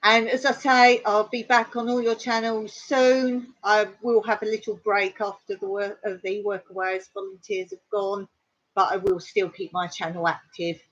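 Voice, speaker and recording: A woman's voice: mid-range voice, flat delivery, moderate pace, fairly bright tone. An Englishwoman hosting a casual live-stream chat, telling stories, laughing often and mimicking how others pronounce words. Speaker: livestream host. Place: home in rural Cyprus. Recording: dull lo-fi sound.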